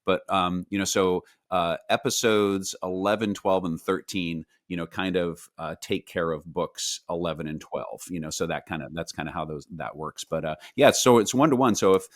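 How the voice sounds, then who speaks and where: A man answering interview questions about his animated series in a casual, halting way, full of fillers and restarts. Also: low-pitched, dry recording, clean studio sound. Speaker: guest, animated series creator.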